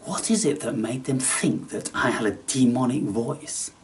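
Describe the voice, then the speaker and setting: A man hosting a spiritual channel, talking in a theatrical, taunting way that swings between loud outbursts and hushed asides. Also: medium pitch, measured pace, recorded from a distance, a little hiss or hum. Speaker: channel host. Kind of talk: spiritual vlog monologue.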